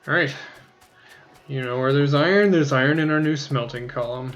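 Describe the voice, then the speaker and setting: A man's voice: medium pitch, normal speed, a bit bright, soft background music. A man casually talking through a game tutorial, rambling, joking at his own expense and swearing now and then. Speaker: let's play host.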